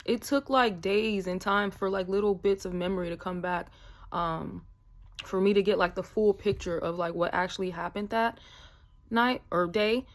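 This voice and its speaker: A woman's voice: medium pitch, steady tone, normal speed. A woman vlogger telling a personal story in a casual, rambling way, full of fillers. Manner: chatty, rambling, many fillers.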